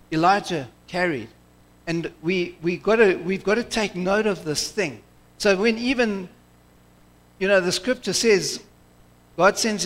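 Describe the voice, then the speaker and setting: Pastor, male, high voice, fervent conversational sermon delivery. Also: a bit bright. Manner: passionate, conversational preaching with restarts.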